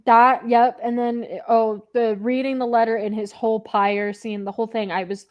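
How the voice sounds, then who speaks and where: A woman's voice: on the high side, level tone, moderate pace, highs cut off. A young adult woman co-hosting a book club podcast, talking casually, laughing often and swearing freely. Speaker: podcast co-host.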